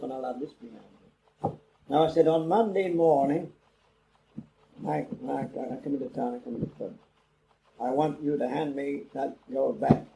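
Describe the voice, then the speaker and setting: Gravelly old man spinning a yarn. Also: medium pitch, fairly even intonation, moderate pace, pauses often, dark tone, rough recording. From England. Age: older. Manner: rambling, acts out quoted dialogue. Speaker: interviewee. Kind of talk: oral history storytelling. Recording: old cassette interview with faint hiss.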